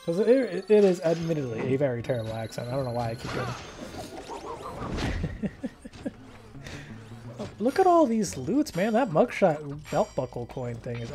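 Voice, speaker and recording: Male let's play host, slightly high voice, casual jokey commentary. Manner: jokey, animated, mock-British asides.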